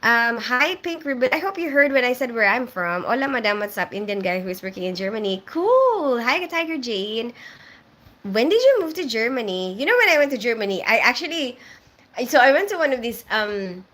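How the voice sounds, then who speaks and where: A woman's voice: a little high, sing-song, fairly quick, bright, forceful tone. A young woman who grew up in the Philippines, hosting a casual live stream and reading viewers' comments aloud, chatty and full of fillers. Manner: reads viewer comments aloud and answers them.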